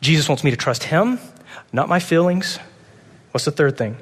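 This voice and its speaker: Pastor, male, fairly high voice, sermon in a big echoing hall, urgent then hushed. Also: lively intonation, normal speed, pauses often, breathy edge. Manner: passionate, swings from loud urgent pleading to soft hushed tones.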